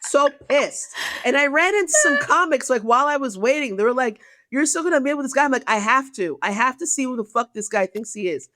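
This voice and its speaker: A woman comedian telling a dating story on a podcast, profane and animated, acting out the people she quotes. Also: high-pitched, a little fast, hardly any pauses, dry recording. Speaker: guest comedian.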